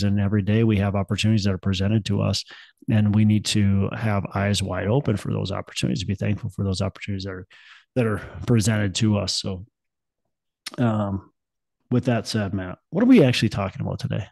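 Gravelly-voiced man hosting a chatty podcast. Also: fairly low pitch, darkish tone, dry recording. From Minnesota. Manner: rambling, upbeat, many fillers and restarts. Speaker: podcast host. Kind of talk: casual podcast chat.

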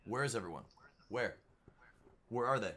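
A young man streaming a game, trash-talking and yelling in casual banter. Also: on the low side, animated, moderate pace. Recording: noisy game voice chat.

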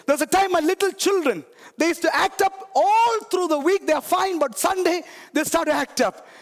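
A middle-aged man pastor preaching a sermon in a church, often shouting with emphasis and calling the congregation to respond. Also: very high-pitched, moderate pace, big-room sound. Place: church sanctuary.

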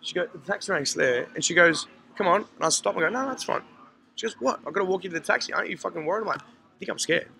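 High-voiced, gravelly storytelling man. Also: quick pace, poor audio. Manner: animated, sweary, acts out quotes. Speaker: podcast host telling a story. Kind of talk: casual storytelling among friends. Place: hostel common area, indoors.

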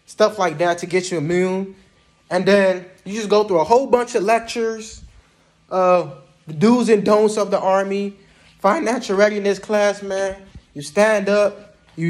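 Young dude with a pretty high voice, chill slangy storytelling straight to the camera. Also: male voice. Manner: slangy, laid-back, sprinkles "man" and "bruh". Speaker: vlogger recounting Army basic training.

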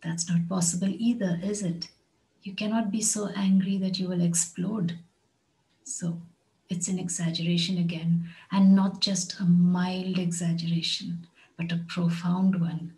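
A woman teaching an English lesson, speaking deliberately and patiently and repeating key words and examples. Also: fairly low pitch, fairly even intonation, darkish tone, low-quality recording. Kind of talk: slow, careful lesson narration.

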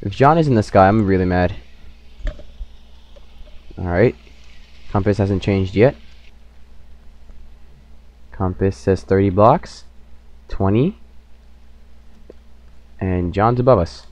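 A young man hosting his own gaming channel, giving playful, trash-talking commentary over his game and bursting into loud shrieks. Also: fairly low pitch, expressive, slow, long pauses, no echo. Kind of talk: let's play commentary.

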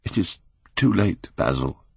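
A man reading a bitter, detached young man in an audiobook, speaking quietly and subdued. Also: sits low, lively intonation, normal speed, breathy edge, dry recording, full character voice.

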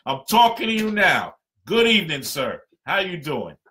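New union rep guy, passionate and blunt, bright forceful voice. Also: a little high, sing-song, normal speed. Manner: passionate, emphatic, colloquial. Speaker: union representative. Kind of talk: live-stream talk to members.

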